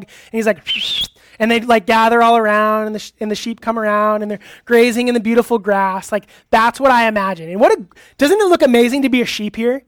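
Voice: mid-range voice, clean studio sound. A youth pastor giving a casual, interactive sermon in a church hall, asking the audience questions and laughing easily. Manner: laughs easily, uses many fillers.

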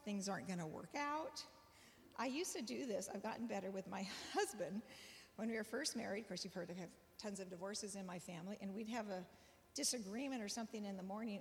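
Earnest woman teaching in an echoing hall. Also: mid-range voice. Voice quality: warm, earnest, laughs often. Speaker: Bible study teacher. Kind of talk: Bible study talk. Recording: long reverb of a hall.

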